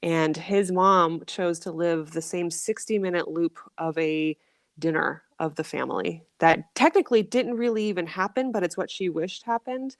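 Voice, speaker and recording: A woman's voice: lowish voice, normal speed, no echo, clean studio sound. A woman hosting a podcast, chatting casually and enthusiastically about books, with frequent restarts. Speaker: podcast host. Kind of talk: casual chat.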